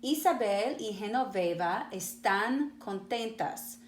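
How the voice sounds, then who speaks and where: A woman with a Southern US accent teaches a class, explaining step by step and turning questions to her students. Her pitch sits in a middle range. The room is echoey, and a faint hum runs underneath. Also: expressive, unhurried. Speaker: Spanish teacher.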